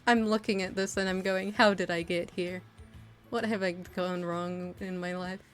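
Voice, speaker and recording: A woman's voice: fairly low pitch, steady tone, moderate pace, faint music behind. A young woman chatting casually during a group art session, giggling often and mocking herself as she trails off mid-thought. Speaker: group art stream participant. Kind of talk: casual chat.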